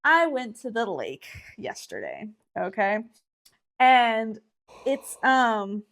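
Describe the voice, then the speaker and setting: A woman's voice: a little high, fairly bright tone. A young woman co-hosting a podcast, starting a story in casual, playful chat. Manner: playful, quick reactions, giggly. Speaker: podcast co-host.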